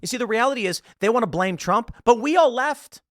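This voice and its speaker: A man's voice: very high voice, expressive, brisk, fairly bright tone, no echo, clean studio sound. A man in his thirties hosting a political commentary show, ranting sarcastically and mocking an article he reads aloud. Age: 30s.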